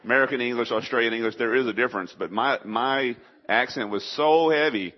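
A man's voice: mid-range voice, brisk. A man from southeast Texas preaching a sermon with a faint East Texas Southern accent, folksy and chatty, asking the congregation questions. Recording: dull lo-fi sound.

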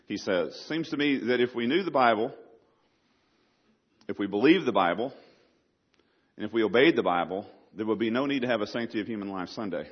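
A man's voice: fairly low pitch, animated, brisk, long pauses. Male pastor, sermon delivery, emphatic on quotes, slightly muffled recording. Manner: preaching with rising emphasis on scripture quotes.

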